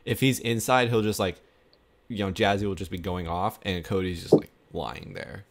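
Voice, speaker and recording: A man with a very low voice talks in a loose, rambling way over an internet call. He laughs often and drifts from one story to the next. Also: fairly even intonation, normal speed, vocal fry. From Arizona. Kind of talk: casual chat.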